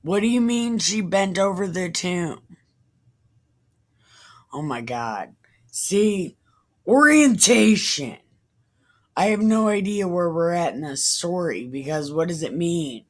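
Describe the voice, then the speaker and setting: A woman reading a Bible passage aloud and breaking off into profane, confused, deadpan asides. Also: lowish voice, slow pace, long pauses. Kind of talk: irreverent casual Bible reading with commentary.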